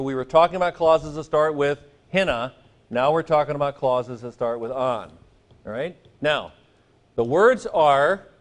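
A man giving a classroom lecture as a teacher, talking conversationally and often checking in with "okay?" and light asides. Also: fairly high pitch. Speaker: Greek teacher.

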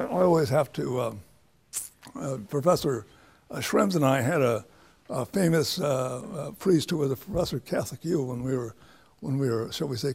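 An older man gives an informal lecture, answering students in a loose, anecdotal ramble. His voice sits a little high, with a gravelly fry and a husky, rough edge. He keeps restarting his sentences as he works toward his point. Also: a little mellow. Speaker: professor speaking to students.

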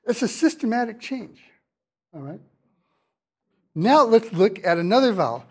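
A man giving a university lecture in class, talking in a halting way with many restarts and fillers. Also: high voice, animated, a little mellow. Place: lecture hall.

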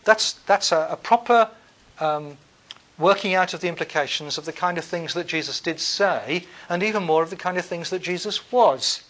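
A man with a high-pitched voice teaching a class in a loose, thinking-aloud way. He fills pauses and restarts his sentences often, and keeps a wry, relaxed tone throughout. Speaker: lecturer. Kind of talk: classroom lecture.

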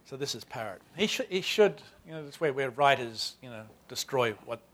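Australian author, 60s, self-deprecating, stop-start delivery, mid-range voice. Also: male voice, medium pitch, animated, a bit bright. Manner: halting, self-deprecating, many restarts. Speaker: novelist. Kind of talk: author talk before a reading.

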